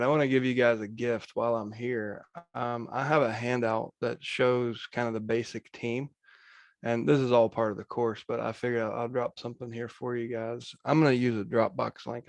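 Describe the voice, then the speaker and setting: A man speaking as a guest coach on a video call, in steady, matter-of-fact coaching talk. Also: mid-range voice, normal speed, vocal fry, no room sound. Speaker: guest real estate coach.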